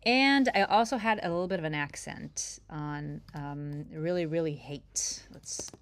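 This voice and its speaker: Chatty woman narrating a software demo. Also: low-pitched, expressive, a little slow, a crowd in the background. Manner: chatty, self-mocking, thinks aloud. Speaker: product demonstrator.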